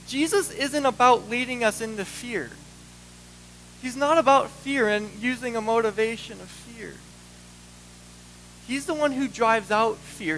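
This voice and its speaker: A man preaching a sermon as pastor, animated and acting out the voices he quotes. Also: very high-pitched, a little hiss or hum, poor audio.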